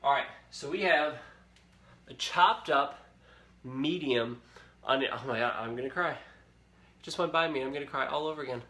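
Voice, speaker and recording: The young host of a casual live cooking show speaks from his home kitchen in a mid-range voice at a moderate pace, pausing often, with a bright, forceful tone. He's chatty and upbeat, talking right to viewers. Echo and faint sizzling fill the room.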